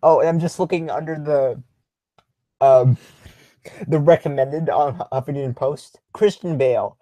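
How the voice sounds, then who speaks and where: A man's voice: on the high side, a little slow, pauses often, dark tone, dry recording. Rambling young man, dry close sound. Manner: rambling, filler-heavy, blunt and profane. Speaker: livestream host answering chat. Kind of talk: casual livestream Q&A.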